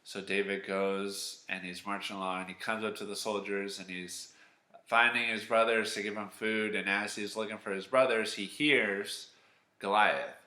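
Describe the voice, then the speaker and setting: Man, children's Bible storyteller, chatty, animated, asks questions, low bright voice, echoey room. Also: moderate pace. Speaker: children's ministry teacher.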